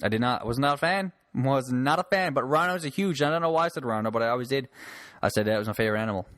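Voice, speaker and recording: A man's voice: medium pitch, quick pace, a bit bright, no room sound. A man from Newfoundland, a comic, rambling and swearing through a casual solo podcast. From Newfoundland, Canada. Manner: rambling, profane, joking. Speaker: podcast host and stand-up comic.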